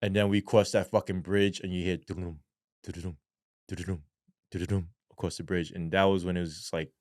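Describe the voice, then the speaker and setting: A former police sergeant, a man, telling his story as an interview guest in animated, profane street slang. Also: low voice, quick pace, smooth, no room sound, studio quality.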